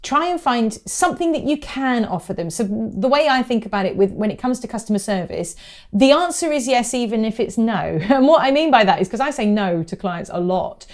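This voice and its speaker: A woman's voice: a little high, animated, fairly quick. A woman from the south of England, co-hosting a casual business podcast, emphatic and repeating her key points. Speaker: podcast co-host, photography business coach. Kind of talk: casual podcast advice chat.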